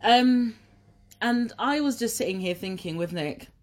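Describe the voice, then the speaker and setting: A young woman co-hosting a podcast in casual chat, chatty and quick to correct herself. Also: on the high side, lively intonation. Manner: chatty, self-correcting, giggly. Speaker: podcast co-host.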